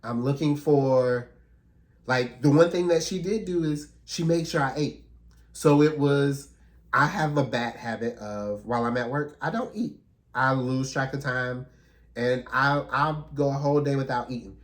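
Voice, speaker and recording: A man's voice: mid-range voice, a little slow. A man talking earnestly and reflectively in a casual, heartfelt conversation as a podcast co-host.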